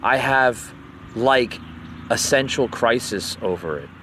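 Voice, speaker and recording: A man's voice: mid-range voice, lively intonation, slow pace, sharp tone, a little hiss or hum. A man mimicking a young woman politician who gushes and stuffs "like" into every phrase. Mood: mocking. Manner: says "like" constantly, rambling. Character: young woman politician, gushing, filler-heavy.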